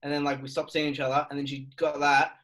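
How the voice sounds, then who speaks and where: A man's voice: a little high, level tone, fast talker, fairly bright tone. A male podcast co-host in casual chat, laid-back and full of filler words.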